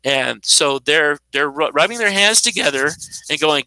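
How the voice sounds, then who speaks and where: Man in his fifties, sarcastic rant, very bright edge, dry close sound. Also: a little high, animated, moderate pace, no room sound, low-quality recording. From United States. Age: 50s. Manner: indignant, sarcastic, rambling with restarts. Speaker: commentator. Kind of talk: unscripted political monologue.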